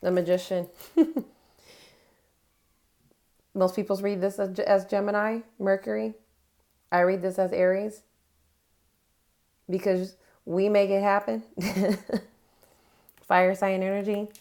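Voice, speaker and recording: A woman's voice: medium pitch, level tone, takes it slowly, pauses often, dark tone. A woman reading tarot cards to camera, speaking earnestly and encouragingly and growing emotional as she reassures her viewers. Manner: gives affirmations straight to her viewers. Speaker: tarot reader.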